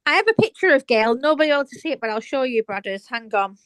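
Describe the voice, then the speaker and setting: A woman's voice: high-pitched, big pitch swings, quick pace, fairly bright tone, dry recording. A woman co-hosting a casual late-night radio chat show in a studio, a playful storyteller who laughs often. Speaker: radio show co-host and singer.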